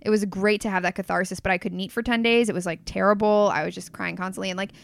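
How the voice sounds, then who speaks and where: A woman's voice: mid-range voice, gravelly. A woman as a podcast guest, telling a candid personal story in casual chat. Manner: candid storytelling, quick and animated.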